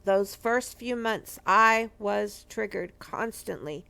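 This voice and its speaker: A middle-aged woman speaks in an earnest, emphatic way, teaching from her own story for a marriage ministry. Her mid-pitched voice carries a steady gravelly fry, and she leans on repeated phrases to drive each point home. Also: takes it slowly. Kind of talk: personal testimony teaching.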